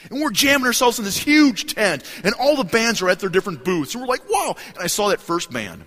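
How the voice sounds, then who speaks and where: A man preaches a story-driven sermon, swinging from hushed moments to shouted cheers as he acts out the people in it. His voice is bright and fairly high. Long reverb from a large church hall hangs behind him. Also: sing-song, brisk.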